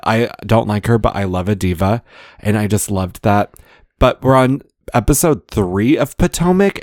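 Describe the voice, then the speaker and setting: A man's voice: on the low side, a little mellow, dry recording, clean studio sound. A man co-hosting a casual podcast, gossiping playfully and retelling reality-show drama. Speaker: podcast co-host. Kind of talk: casual chat.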